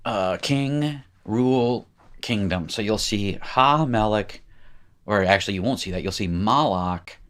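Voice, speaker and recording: A man with a somewhat low voice teaches a recorded language lesson. He talks casually and drops in little jokes as he walks through examples. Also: measured pace, fairly bright tone. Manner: chatty, joking asides. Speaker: Hebrew teacher. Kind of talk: recorded lecture.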